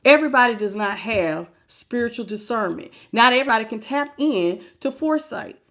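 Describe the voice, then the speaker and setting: A woman giving a live-streamed tarot reading and greeting her viewers, emphatic and preachy, swinging between low murmurs and loud outbursts. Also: lively intonation, a little fast. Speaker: tarot reader.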